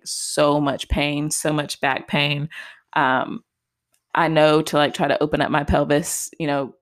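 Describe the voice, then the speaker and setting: A young woman telling a personal story on a podcast in a casual, chatty way, full of "like" and "just". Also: deep voice. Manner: chatty, heavy use of "like" and "just". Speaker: podcast host.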